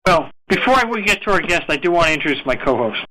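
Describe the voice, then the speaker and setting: A man's voice: a little high, big pitch swings, quick pace, pushed and bright, a little hiss or hum, rough recording. A man hosting a podcast in casual chat, teasing and joking with his co-hosts. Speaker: podcast host.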